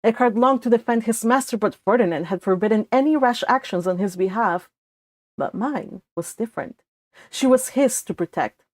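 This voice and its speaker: A woman's voice: fairly high pitch, darkish tone, no echo. A woman reading her own fan fiction aloud, narrating steadily in a read-along with occasional slips.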